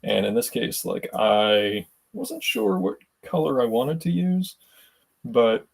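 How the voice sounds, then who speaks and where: A man talks through his art stream in a casual, halting way, full of pauses. His voice is gravelly and husky, with a mid-range pitch. He is feeling unwell. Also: sing-song. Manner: halting, unhurried, with many pauses and fillers. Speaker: comic artist hosting a drawing livestream. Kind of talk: casual livestream talk.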